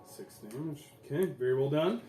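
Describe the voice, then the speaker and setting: A man's voice: medium pitch, lively intonation, moderate pace, over loud music. Man running a tabletop game, roomy sound. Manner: descriptive, with frequent restarts. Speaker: game master.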